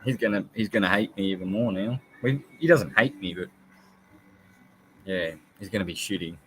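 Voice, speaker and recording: A man's voice: on the low side, moderate pace, fairly bright tone, a little hiss or hum. A man chatting casually on a livestream, rambling through anecdotes and swearing freely. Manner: rambling storyteller, swears casually, mimics his pet. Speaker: livestream guest.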